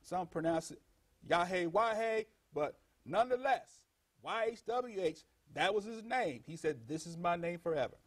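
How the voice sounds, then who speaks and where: A man's voice: high voice, expressive, slightly rough. A man who is a guest on a talk show, teaching religious ideas emphatically and stretching out key words. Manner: emphatic, drawn-out teaching, urging listeners.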